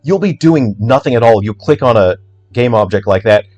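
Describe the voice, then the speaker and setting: A man, an indie game developer, talking through his code in a casual walkthrough, chatty and joking with quick asides. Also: medium pitch, lively intonation, a little mellow. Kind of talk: casual livestream coding walkthrough.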